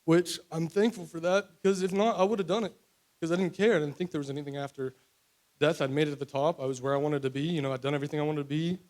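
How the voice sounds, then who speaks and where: A man's voice: a little high, fairly even intonation, fast talker, darkish tone. A young man from West Virginia telling his personal recovery testimony in a candid, rambling way full of fillers. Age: young adult. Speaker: testimony speaker.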